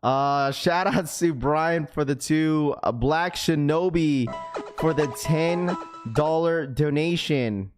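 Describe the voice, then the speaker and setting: A man hosts a casual livestream with a fairly high-pitched voice. He chats loosely and laughs often as he works through shout-outs for donations. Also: takes it slowly, over music. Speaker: livestream host.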